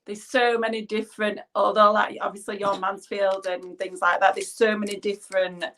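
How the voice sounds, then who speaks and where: A guest from England with a Yorkshire accent chats casually while doing her makeup, rambling between steps and often slipping into a giggle. Her mid-range voice is fairly bright with little pitch movement at a normal speed, and there's slight background noise.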